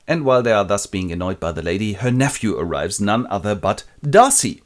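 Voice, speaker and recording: Man narrating with a lively, swinging voice. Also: fairly low pitch, fairly quick, few pauses. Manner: irreverent, casual, lively. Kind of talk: comic literature summary.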